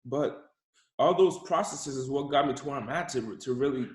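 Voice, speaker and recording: Young male entrepreneur, motivational interview guest, emphatic, mid-pitched, roomy echo. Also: normal speed. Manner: emphatic, repeats words as he builds a point.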